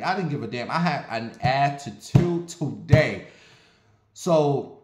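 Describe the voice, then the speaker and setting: Animated storytelling man in a roomy echo. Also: mid-range voice, normal speed, very noisy. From Ohio. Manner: animated, profane, dramatic storytelling. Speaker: vlogger telling a story. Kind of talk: casual storytime monologue.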